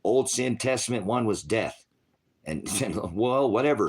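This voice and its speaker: A man's voice: lowish voice, animated, measured pace, breathy edge. A middle-aged man preaching an unscripted sermon in a confrontational, scolding way, with profanity.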